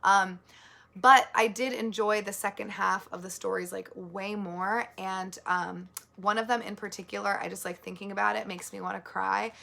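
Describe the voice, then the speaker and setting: Casual woman book vlogger, rambling and filler-heavy, bright tone with vocal fry, earnest. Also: mid-range voice, steady tone, normal speed. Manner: rambling, filler-heavy, with many likes and ums; earnest and easily moved. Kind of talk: casual monthly book wrap-up.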